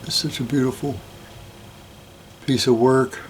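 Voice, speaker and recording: Slow, easygoing older man. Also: mid-range voice, slight background noise. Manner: slow, relaxed, admiring, with fillers. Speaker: metal detecting hobbyist host. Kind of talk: casual show-and-tell of a coin collection.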